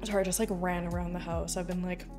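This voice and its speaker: A woman's voice: fairly low pitch, flat delivery, quick pace, over music. A woman chatting casually on a livestream, rambling from topic to topic and swearing freely. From Canada.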